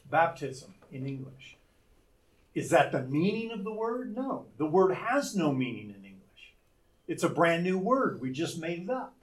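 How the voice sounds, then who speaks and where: Male Bible teacher, slow and deliberate, fairly high voice, asks questions to explain. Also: darkish tone, far from the mic. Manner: explains by posing rhetorical questions. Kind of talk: Bible lesson.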